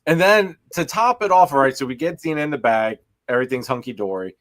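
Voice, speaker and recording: A man's voice: medium pitch, animated, quick pace, a bit bright. A man telling a story in a casual chat, rambling and stumbling over his words.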